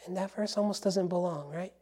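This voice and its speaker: A male pastor preaching a sermon with a mellow, warm tone. He drives his points home emphatically, rising to loud declarations and dropping to near-whispered asides. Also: high-pitched, steady tone, fairly quick, breathy edge. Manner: emphatic, swings from loud to hushed.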